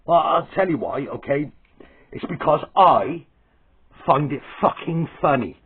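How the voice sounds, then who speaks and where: A man's voice: fairly high pitch, animated, a little slow, husky. A man ranting profanely and aggressively to camera in a crude satirical comedy vlog. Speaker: comedy vlogger. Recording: tinny phone-like audio.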